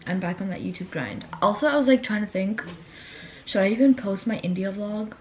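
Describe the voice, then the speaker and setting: A young woman talks through her day in a loose, chatty vlog, still carrying a morning voice. Her speech at a middle pitch is full of "like" and "literally." The home recording has clear background noise. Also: brisk, a little mellow, low-quality recording. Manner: chatty, filler-heavy with frequent "like" and "literally". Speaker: lifestyle vlogger. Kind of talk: casual vlog chat to camera. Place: at home, bedroom.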